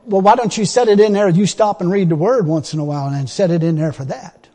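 This sermon comes quickly from a man whose voice is high-pitched and a touch husky, his grammar plain and homespun. Loud, insistent pleading gives way to hushed, intimate remarks, all ringing with a church hall's lingering echo.

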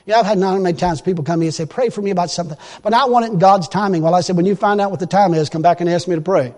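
High-voiced folksy preacher in a reverberant hall. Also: male voice, rapid-fire. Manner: folksy, emphatic, swings to loud exclamations. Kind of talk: sermon.

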